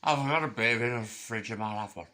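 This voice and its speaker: A man's voice: lowish voice, fairly quick, sharp tone. A man, teasing and joking in a silly way through a casual home chat. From Tamworth, England.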